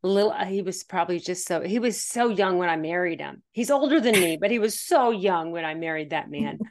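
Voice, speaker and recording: Middle-aged woman host, lower voice, energetic and chatty, faith podcast interviewer. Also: brisk, noisy background. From Pennsylvania. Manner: chatty, energetic, laughs often. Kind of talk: casual faith-based interview chat.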